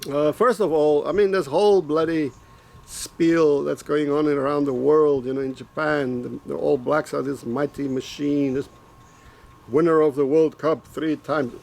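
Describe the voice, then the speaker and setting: A man's voice: on the high side, fairly even intonation, measured pace, vocal fry, darkish tone. A man rambling and joking as he talks to his own camera in a casual vlog, repeating himself as he goes. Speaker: vlogger making predictions.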